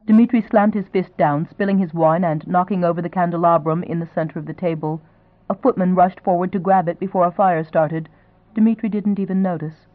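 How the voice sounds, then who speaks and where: Audiobook narrator, measured delivery, thin phone-like sound. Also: medium pitch, no room sound. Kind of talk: scripted novel narration.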